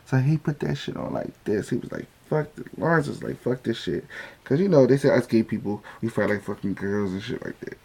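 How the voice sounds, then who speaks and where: A man's voice: mid-range voice, very animated, fairly quick, gravelly, hardly any pauses, dark tone, slightly rough. A man talks through a reality show episode in a loose, casual vlog. He tells it as gossip, swears freely and slips into acting out what the cast said. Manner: profane, gossipy storytelling; acts out quoted lines.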